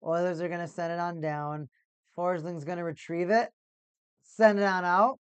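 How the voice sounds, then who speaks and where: Excitable streamer calling hockey play-by-play. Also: medium pitch, moderate pace, smooth, no room sound. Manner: excitable, rises to shouts at big plays. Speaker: watch party streamer. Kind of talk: casual play-by-play commentary.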